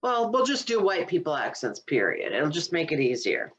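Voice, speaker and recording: A woman's voice: deep voice, big pitch swings, normal speed, lo-fi sound, a little hiss or hum. A woman co-hosting a comedy podcast, chatting casually and rambling with lots of fillers. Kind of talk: casual chat.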